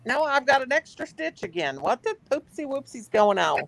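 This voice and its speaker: A woman's voice: sits high, big pitch swings, moderate pace, vocal fry, rough recording. A middle-aged woman, chatting casually and laughing often while she crochets and counts stitches aloud on her channel.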